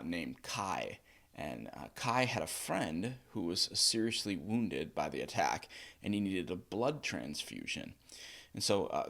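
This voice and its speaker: Earnest low-voiced man telling a story. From United States. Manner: earnest storytelling with frequent "uh" pauses. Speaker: pastor. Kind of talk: house group teaching talk.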